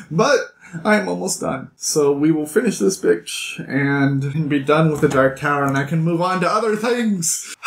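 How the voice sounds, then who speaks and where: A man with a slightly higher voice recapping a book for his vlog, chatty and sarcastic. The sound bounces around a roomy, echoey space.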